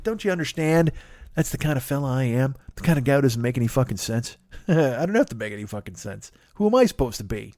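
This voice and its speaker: A man in his forties launches into a profane comedic rant, his pitch leaping high and dropping low as he mocks people with quick impressions. His voice sits slightly high for a man, and the recording is dry and close, with no room around it. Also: dry recording. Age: 40s. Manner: profane, animated ranting with mocking impressions. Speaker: comedy podcast host. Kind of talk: ranting comedic monologue.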